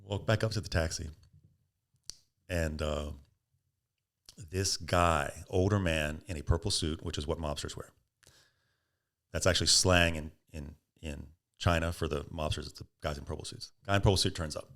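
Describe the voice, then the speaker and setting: A deep-voiced middle-aged man tells a story in a relaxed podcast chat. He gets animated and acts out the other people's lines, with quick bursts of laughter in between. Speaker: podcast guest. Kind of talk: casual storytelling.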